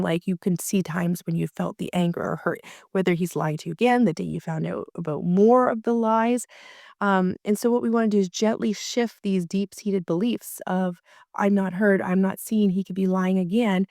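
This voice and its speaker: A woman's voice: medium pitch, quick pace, warm tone, dry recording, studio quality. A woman working as a marriage coach, talking casually and chattily with many fillers and restarts.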